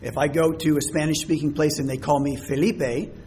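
A man's voice: a little high, fairly even intonation, brisk, a little mellow, slight background noise. A man teaching a Bible lesson, reading verses aloud with emphasis and posing rhetorical questions, with some hesitant fillers. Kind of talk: sermon-style Bible teaching.

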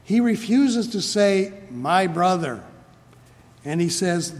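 A man preaching an expository sermon, reading scripture aloud and explaining it earnestly, slowing down to stress key phrases. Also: sits high, big pitch swings, darkish tone. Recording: long hall reverb.

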